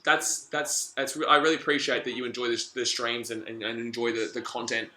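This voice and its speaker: An excitable man with an Australian accent, from the Gold Coast, hosting a live sports watch-along, chatting to viewers and repeating himself as he reacts to the play. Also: mid-range voice, fairly quick, echoey room. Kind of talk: live-stream sports commentary and chat with viewers.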